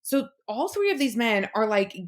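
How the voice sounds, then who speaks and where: A woman as a podcast guest in casual chat, talking in an animated, profane rant. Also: on the high side, moderate pace.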